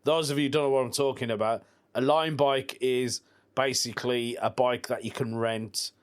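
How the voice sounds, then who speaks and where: A man's voice: mid-range voice, fairly even intonation, normal speed, smooth. A man hosting a casual solo podcast, telling stories in informal slang and laughing at his own jokes. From England. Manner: informal slang like "proper" and "mate". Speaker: podcast host.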